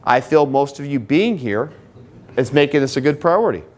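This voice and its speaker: A man's voice: mid-range voice, animated, moderate pace. A middle-aged man speaking live to an audience at a marriage seminar, conversational and joking, full of personal anecdotes.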